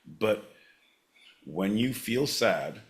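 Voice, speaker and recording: Podcast co-host guy, kinda low voice, swears constantly, super animated rants. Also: extremely slow. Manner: profane, animated, acts out rants in character. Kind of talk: casual podcast banter.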